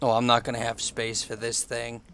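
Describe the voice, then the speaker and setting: A man's voice: medium pitch, completely flat delivery, normal speed, fairly bright tone, a little hiss or hum. A man playing a video game and commenting, teasing and taunting the creatures he meets. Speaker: gaming YouTuber. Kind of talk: let's play commentary.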